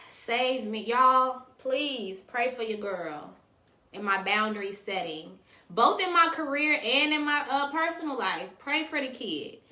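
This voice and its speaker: A woman's voice: fairly high pitch, lively intonation, slow, sharp tone. A woman hosting a casual livestream, reading out viewer comments and talking straight to her viewers in a slangy, chatty way. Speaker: host. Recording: echoey room.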